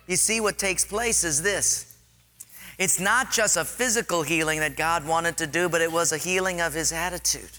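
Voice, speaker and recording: A man preaching a sermon, telling stories with lively acted-out scenes. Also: fairly high pitch, normal speed, big-room sound. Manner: animated storytelling, acts out scenes.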